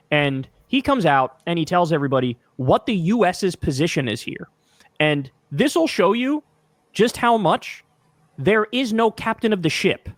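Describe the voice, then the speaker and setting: A man with a high voice rants about politics in an exasperated, emphatic way and swears freely. The sound is dry and close to the mic. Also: dry recording. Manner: exasperated, profane, emphatic ranting. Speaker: political commentary host. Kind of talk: reaction video commentary.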